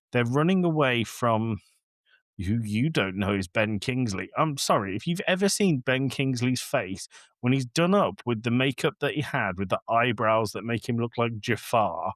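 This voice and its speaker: In this casual film review chat, a male podcast co-host rants with exasperation and performs lines from the film. His mid-range voice is expressive and fairly bright, moving at a moderate pace. The studio-quality audio has no echo.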